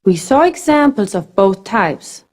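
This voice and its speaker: A woman narrating a scripted language lesson, modelling phrases slowly with careful enunciation. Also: medium pitch, big pitch swings, darkish tone. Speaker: language teacher.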